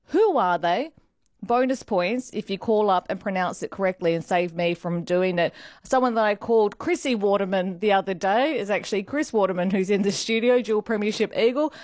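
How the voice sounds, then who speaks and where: A woman's voice: medium pitch, moderate pace, a little mellow, dry recording, studio quality. A woman with an Australian accent hosting a sports radio show, bubbly and chatty. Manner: bubbly, chatty, laughs while talking. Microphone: studio microphone.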